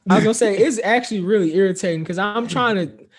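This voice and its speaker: A man's voice: sits high, fast talker. A young man co-hosting a podcast, chatting casually and telling stories with lots of swearing and quoted asides. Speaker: podcast co-host. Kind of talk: casual chat.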